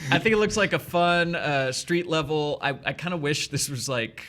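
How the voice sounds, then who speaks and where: A man chatting as a panelist, halting and full of fillers. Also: on the high side, a loud crowd. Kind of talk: casual panel chat.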